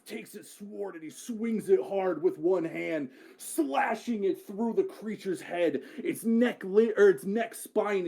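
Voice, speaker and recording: A man's voice: a little high, warm tone. A man narrating a tabletop game as game master, casual, often swearing and correcting himself mid-sentence.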